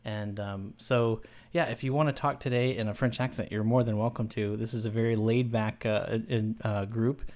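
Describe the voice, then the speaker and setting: A man hosting a casual live audio chat, talking in a halting way with lots of fillers and restarts. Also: fairly low pitch, fairly even intonation, a little mellow. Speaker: podcast host.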